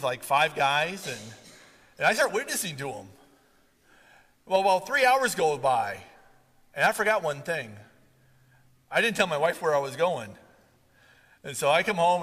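A male pastor with a high, bright voice that swings widely in pitch as he preaches. He tells stories with animation and plays out the other voices himself. His words ring with the long reverb of a church hall. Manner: animated storytelling, acts out quoted voices. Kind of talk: sermon with personal story.

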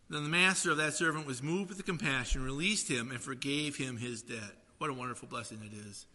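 A man preaching a sermon to a congregation, swinging between loud emphasis and soft asides. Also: medium pitch, a little fast, hardly any pauses, long reverb tail. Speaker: pastor.

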